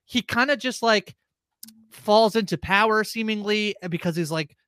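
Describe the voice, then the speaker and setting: A woman's voice: mid-range voice, moderate pace, a bit bright, no echo, clean studio sound. A woman co-hosting a casual movie review podcast, rambling with lots of fillers. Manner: rambling, heavy use of "like" and fillers. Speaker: podcast co-host.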